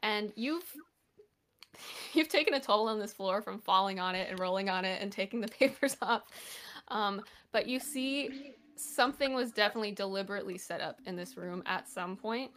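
A woman's voice: medium pitch, normal speed, a bit bright, a little hiss or hum. A woman narrating a tabletop game as game master, casual with many fillers and frequent laughter.

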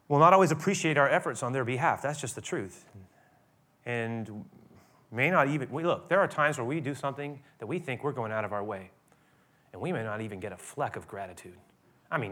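A man's voice: mid-range voice, fairly bright tone. A man preaching a sermon as pastor, talking in a conversational way with restarts and building to emphatic peaks.

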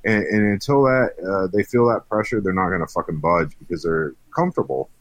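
A man's voice: deep voice, brisk, no echo. A man in an angry political rant, heated and profane, frustrated and on edge, stumbling over restarts.

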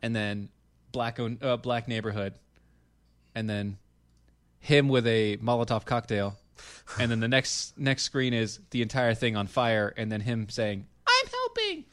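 A man co-hosting a casual commentary chat, animated and quick to laugh as he rambles through stories. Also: fairly low pitch. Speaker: co-host.

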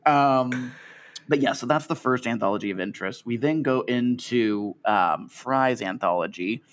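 A man's voice: mid-range voice, normal speed. A man co-hosting a podcast in casual chat, giggly and rambling with lots of fillers. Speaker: podcast co-host.

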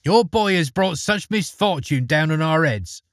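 A man's voice: on the high side, expressive, measured pace, dry recording, clean studio sound, pitched above the performer's own voice. A man voicing an angry, fretful sexton's wife in a storybook reading, speaking urgently. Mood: furious.

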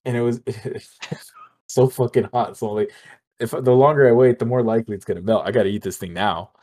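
A young man co-hosting a laid-back podcast, spinning a story with animated energy. He laughs often and swears casually, at an ordinary, mid-range pitch. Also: normal speed. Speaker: podcast co-host. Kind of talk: casual chat.

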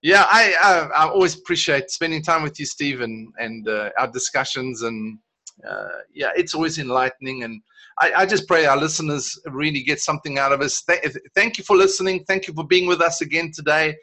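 Bright-voiced South African man, halting. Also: a little high. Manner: halting, repeats words, many fillers. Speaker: podcast co-host. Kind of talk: casual faith podcast chat.

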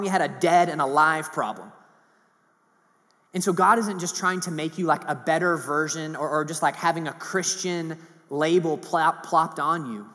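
A man preaching a sermon in a casual, animated way with many fillers. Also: on the high side. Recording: long hall reverb.

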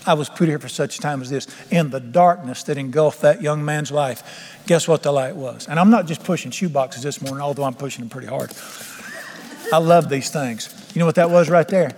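Briskly and in a slightly mellow, a little high voice, a male pastor gives a fervent sermon that's folksy and funny. The recording, made in a church sanctuary, has long reverb and faint music.

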